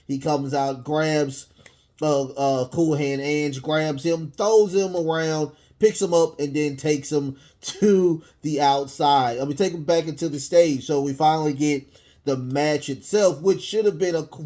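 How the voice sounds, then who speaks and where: A man's voice: a little high, a little mellow. Rambling man recapping wrestling. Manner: rambling, many fillers and restarts, chuckles at himself. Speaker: wrestling show reviewer. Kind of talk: casual one-take recap.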